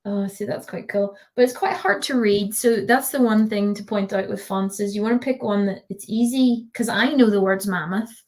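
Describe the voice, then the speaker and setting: A woman's voice: mid-range voice, darkish tone. A woman tutor giving a live online design tutorial over a video call, chatty and giggly with lots of fillers.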